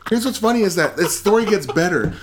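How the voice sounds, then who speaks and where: A young man co-hosting a podcast, telling a story in an animated, profane way and laughing often. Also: high-pitched, fast, a crowd in the background. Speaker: podcast co-host. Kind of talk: casual storytelling chat.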